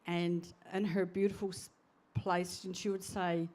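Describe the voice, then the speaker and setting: A woman in her sixties giving a eulogy for her sister at a church memorial service, speaking in a halting, heartfelt way and often trailing off. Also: fairly low pitch, flat delivery, a little mellow.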